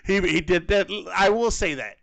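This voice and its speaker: A male co-host talking casually on a fan podcast, animated and rambling, with plenty of fillers. His voice sits a little high and sounds bright and forceful. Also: moderate pace, vocal fry. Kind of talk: casual panel chat.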